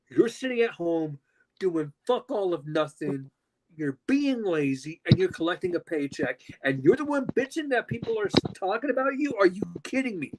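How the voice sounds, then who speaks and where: A man co-hosting a podcast from home, ranting loudly and angrily with a lot of swearing. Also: high voice, moderate pace, rough recording. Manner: loud, profane, animated ranting. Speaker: podcast co-host. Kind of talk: heated podcast rant. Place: at home with his dog.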